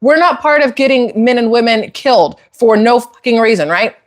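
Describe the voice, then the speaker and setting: A woman hosting a casual opinion talk for viewers, heated and emphatic, climbing into outraged near-shouts. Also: on the high side, animated, moderate pace. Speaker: political commentary host.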